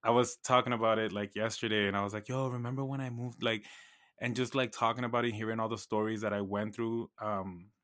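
A man with a low voice talks through his own story in a relaxed podcast chat. His pitch barely moves, which gives his telling a steady, even feel. He speaks casually and unhurriedly. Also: fairly quick.

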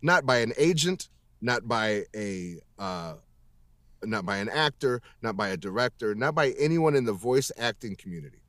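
Expressive and a bit bright, his lowish voice moves at normal speed with no echo. As a voice actor guest in a casual video-call interview, he speaks emphatically, swears heavily, and rambles, often starting over.

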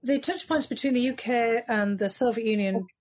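Husky British woman recounting memories. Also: fairly high pitch, normal speed, a little mellow. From United Kingdom. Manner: reflective, storytelling, frequent "you know" fillers. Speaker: guest. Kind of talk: conversational interview.

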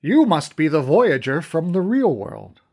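A man's voice: a little high, very animated, measured pace, creaky, darkish tone, full character voice. A man voicing a stern male master archer who guards an armory and speaks in formal, old-fashioned courtly language. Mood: grave. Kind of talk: audiobook character reading.

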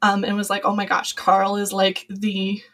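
A woman's voice: mid-range voice, completely flat delivery, moderate pace, background noise. A young adult woman, a podcast guest and former cast member, talking in a chatty, rambling way with many fillers. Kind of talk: casual podcast conversation.

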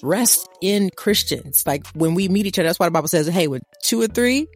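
A woman, talking faith in a lively, preachy way. She sounds conversational and worked up. Faint music plays underneath. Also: on the low side, brisk. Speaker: podcast co-host. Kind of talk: casual faith talk.

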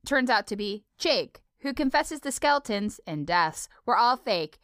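A woman's voice: a little high, big pitch swings, measured pace, a bit bright, no room sound, studio quality. A woman co-hosting a podcast, recapping a cartoon episode in casual, playful chat. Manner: chatty, giggly, playful. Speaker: podcast co-host.

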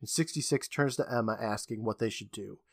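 A man's voice: on the low side, brisk, creaky, no echo, studio quality. A man co-hosting a podcast, recapping an episode in a casual, joking storytelling manner with casual swearing. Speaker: podcast co-host.

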